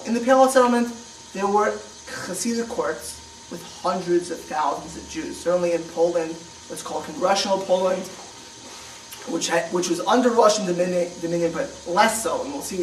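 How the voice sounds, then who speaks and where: A man gives a classroom history lecture, talking in a loose, conversational way full of restarts and questions to the room. He sounds roomy and set back from the microphone, with faint noise behind him. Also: high-pitched. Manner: conversational, repeats and restarts, asks rhetorical questions. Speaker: rabbi lecturer. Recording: echoey room, mic far off, faint noise.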